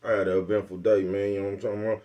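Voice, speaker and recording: Rapid-fire and level in tone, a man with a lowish voice rambles casually on his own vlog channel over dull audio. He's laid-back and boastful, chuckling between phrases and repeatedly asking if you know what he's talking about.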